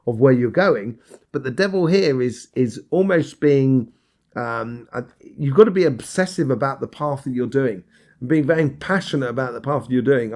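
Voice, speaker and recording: A man's voice: medium pitch, darkish tone. A man giving a casual weekly tarot reading, talking straight to the listener in a meandering, encouraging way, full of fillers and restarts. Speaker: tarot reader.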